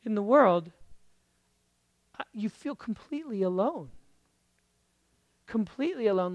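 Hoarse preacher swinging hushed to loud. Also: male voice, high-pitched, no echo, studio quality. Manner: dramatic, swings between hushed murmurs and loud emphatic bursts; rhetorical questions in long runs. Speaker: pastor. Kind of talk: sermon.

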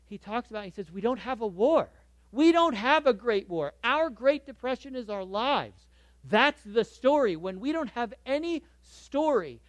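Male pastor preaching, lively and emphatic, high voice, dry close sound. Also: no echo. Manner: animated and emphatic, swinging from loud bursts to soft asides. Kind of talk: sermon.

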